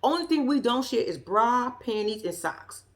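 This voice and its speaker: A woman's voice: fairly high pitch, expressive, moderate pace. Blunt, profane woman recapping TV. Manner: blunt, profane, sassy storytelling. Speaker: reality show recapper. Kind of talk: casual reaction commentary.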